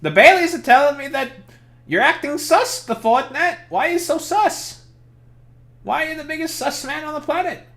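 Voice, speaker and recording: Mężczyzna udający piskliwego, natrętnego oskarżyciela. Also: male voice, expressive, normal speed, fairly bright tone, heavily acted. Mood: accusing. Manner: shrill, repetitive mock accusation. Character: squeaky, nagging accuser calling someone sus.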